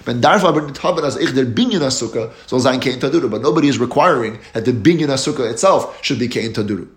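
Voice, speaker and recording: A man's voice: medium pitch, fast. Man teaching Talmud in an echoey room. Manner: explanatory, steady teaching cadence, rising on key terms. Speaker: Torah teacher. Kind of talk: Talmud lecture.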